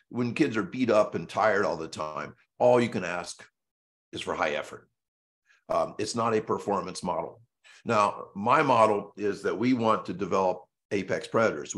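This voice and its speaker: A man with a somewhat low voice delivers a coaching presentation. He speaks bluntly and emphatically, repeating his key points for punch. His talk is casual and salty, with an occasional mild curse.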